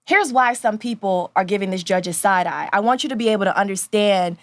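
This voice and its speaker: A woman from New Orleans in her thirties, a news anchor talking as a podcast guest, confident and animated, laughing often. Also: medium pitch, fairly quick, no echo. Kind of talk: casual podcast interview.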